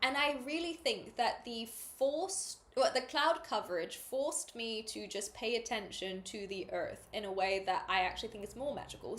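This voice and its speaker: A woman with a New Zealand accent talks to her livestream chat in a relaxed, meandering way. Her voice is bright and forward. Now and then she slips into deadpan sarcasm. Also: on the high side, slight background noise. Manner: chatty and meandering, dry sarcasm. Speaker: streamer. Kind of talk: casual livestream chat, reading chat aloud.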